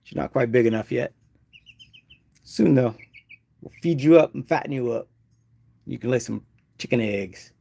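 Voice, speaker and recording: Man, relaxed workshop live-stream talk, gravelly voice. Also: mid-range voice, normal speed, long pauses. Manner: relaxed, chatty explaining as he works. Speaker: woodturner streaming his craft. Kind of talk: casual live-stream chat.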